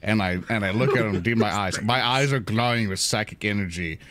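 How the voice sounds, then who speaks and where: A man's voice: fairly low pitch, fairly quick, fairly bright tone. A man playing a tabletop game, brash and profane as he acts out his character. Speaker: player. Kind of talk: tabletop role-play.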